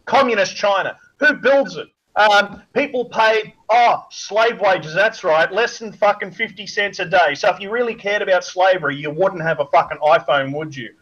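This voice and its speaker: A man's voice: high-pitched, moderate pace, few pauses, a bit bright, dull audio. An Australian man ranting in a crude, mocking way, firing off insults as a guest on a chat show.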